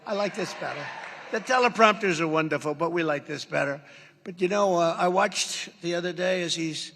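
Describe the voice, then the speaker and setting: A man's voice: high voice, normal speed, gravelly, a bit bright. Older man giving a rambling, boastful rally speech. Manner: rambling, boastful, acts out quoted exchanges. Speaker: political speaker at a rally. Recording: live rally feed with long hall reverb.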